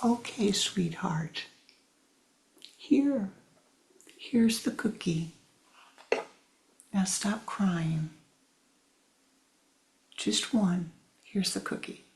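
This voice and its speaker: Woman doing a soft, tired mother. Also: mid-range voice, fairly even intonation, takes it slowly, vocal fry, pitched above the performer's own voice. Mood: soothing. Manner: soft, often whispered. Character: tired busy mother cooking, soft-spoken.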